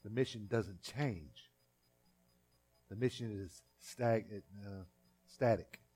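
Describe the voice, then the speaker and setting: A man's voice: lowish voice, slow, warm tone, breathy edge, faint music behind. A man preaching a sermon as pastor in a folksy, conversational way, repeating phrases and acting out little scenes.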